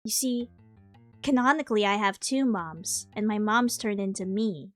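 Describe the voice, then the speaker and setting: A woman vtuber chatting casually on stream, rambling and self-interrupting in an animated way. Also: mid-range voice, moderate pace, soft background music.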